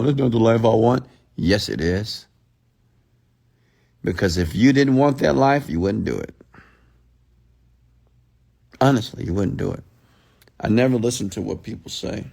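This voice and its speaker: A man's voice: low-pitched, vocal fry. A man giving a blunt, profane late-night motivational rant, mocking people in a raised voice as he quotes their excuses. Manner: mimics others in a raised voice. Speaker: motivational speaker.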